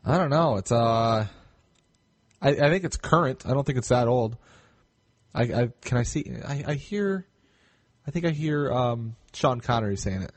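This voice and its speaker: A man jokes and swears through a casual podcast, tripping over restarts as he thinks aloud. His husky voice swings in pitch, and the recording sounds dry and close. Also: lively intonation, moderate pace, long pauses, no room sound. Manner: joking, sweary, hesitant restarts. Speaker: podcast co-host.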